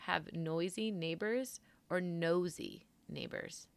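A woman co-hosting a podcast in casual chat, animated and casually swearing. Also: on the low side, takes it slowly, vocal fry, smooth, no echo. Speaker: podcast co-host. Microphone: headphones with studio mic.

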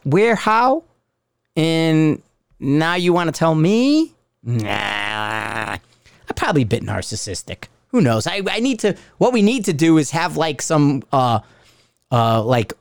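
A middle-aged podcast host from Connecticut rambles through a profane, sarcastic rant in a Northeastern US accent. His voice sits somewhat high for a man. The sound is dry and close, with no room around it. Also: no echo. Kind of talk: ranting podcast monologue.

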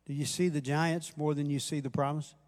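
An older man giving a passionate sermon as guest preacher, rising in volume and dropping back to quiet questions. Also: a little high, flat delivery, a little fast. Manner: passionate, builds in volume, then drops to questions. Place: church. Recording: music playing underneath.

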